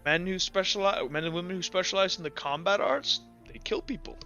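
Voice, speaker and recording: A man's voice: sits high, brisk, pushed and bright. A man narrating a tabletop game as game master, in a loose style full of fillers. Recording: dull lo-fi audio with faint music.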